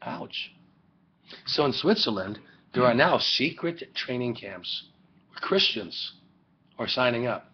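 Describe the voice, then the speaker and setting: A man's voice: mid-range voice, expressive, takes it slowly, long pauses, husky. A man lecturing a class in a rambling, joking way, full of rhetorical questions, recorded on a webcam. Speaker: teacher. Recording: dull lo-fi webcam audio.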